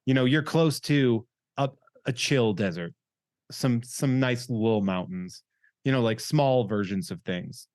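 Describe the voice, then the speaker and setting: A young man hosts a podcast with loose, rambling, jokey chat, his voice sitting at an ordinary middle pitch. The sound is dry and close, with almost no room around him. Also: a little slow, dry recording. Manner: rambling, jokey, reads listener shout-outs. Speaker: podcast host. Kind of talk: casual chat.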